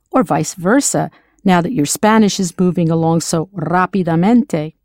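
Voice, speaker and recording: Woman, language teacher, scripted lesson, patient, spells out words, animated pitch, dry sound. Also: no echo.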